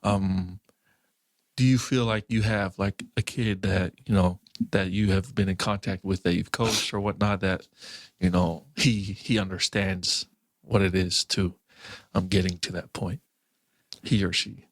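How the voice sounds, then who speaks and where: Low-voiced young man telling a story. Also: fairly even intonation, unhurried, dry recording, clean studio sound. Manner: loose storytelling, full of "um" and "like", acting out quoted voices. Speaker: podcast host. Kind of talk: casual anecdote-telling.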